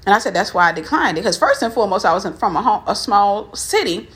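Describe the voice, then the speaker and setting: Husky-voiced woman telling a story. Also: mid-range voice, animated, fast talker, a bit bright. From Mississippi. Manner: candid, frank, addresses listeners directly; walking up stairs while talking. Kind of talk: casual personal storytelling.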